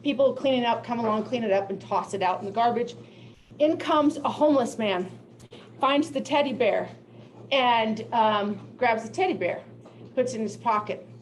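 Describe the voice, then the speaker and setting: An older woman giving a presentation to teachers, telling classroom stories in a lively way and laughing often. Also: a little high, normal speed, rough recording. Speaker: teacher of deaf students. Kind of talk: presentation to educators.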